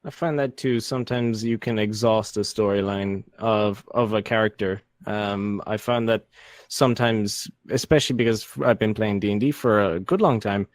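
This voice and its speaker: A man co-hosting a gaming podcast, asking and musing in a thoughtful, halting way. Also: fairly low pitch, dry recording. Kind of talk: casual chat.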